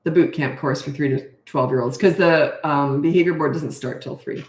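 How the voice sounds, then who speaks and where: A woman's voice: low voice, moderate pace, roomy sound. A woman in her fifties, a parenting coach who hosts live streams, talking casually and telling stories with a chatty, self-mocking way of talking. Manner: chatty, storytelling, self-mocking, restarts and trails off. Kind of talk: casual livestream talk.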